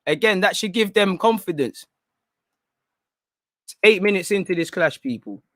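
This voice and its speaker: A man calls a football match live for his viewers, chatty and full of slang. His voice sits high for a man, and the sound is dry and close, with no room echo. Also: normal speed. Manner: excitable, chatty, slangy, keeps addressing "people". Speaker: fan watchalong commentator. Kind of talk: live football watchalong commentary.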